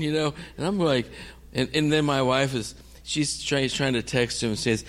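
A man's voice: medium pitch, normal speed, few pauses, fairly bright tone. A middle-aged man, a missionary preacher, telling a story in a sermon and acting out every voice in it.

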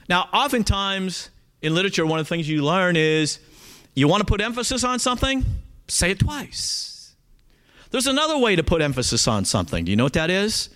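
Male Bible study leader, higher voice that swings widely, earnest and emphatic, keeps asking "okay?". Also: very animated, a little fast, a bit bright. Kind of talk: conversational Bible teaching.

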